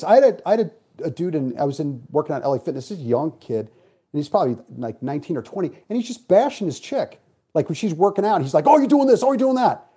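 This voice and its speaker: Blunt middle-aged man, dark husky tone, quick profane storyteller. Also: on the high side. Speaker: podcast guest. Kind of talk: casual storytelling chat.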